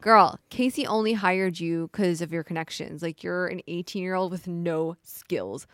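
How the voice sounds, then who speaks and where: A woman's voice: fairly low pitch, normal speed, no echo, studio quality, lightly acted. A woman voicing an unimpressed mother who scolds her daughter in a dismissive tone. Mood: scolding.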